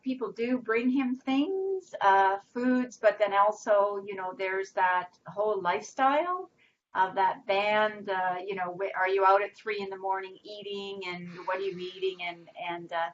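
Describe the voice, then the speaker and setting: A woman's voice: medium pitch, measured pace, dull audio, slight background noise. A woman co-hosting a live web show in casual chat, rambling with many "you know"s and "right"s. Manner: rambling, filler-heavy, says "you know" and "right" often.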